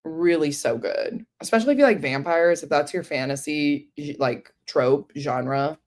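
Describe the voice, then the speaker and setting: A book streamer with a low, unhurried voice talks casually on her livestream. She responds to comments from viewers and drifts from point to point, her speech full of "um" and "like."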